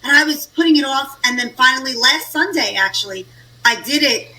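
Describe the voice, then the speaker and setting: A woman's voice: high-pitched, lively intonation, brisk, bright, forceful tone, low-quality recording. A woman guest cook in a casual chat, playful and self-deprecating.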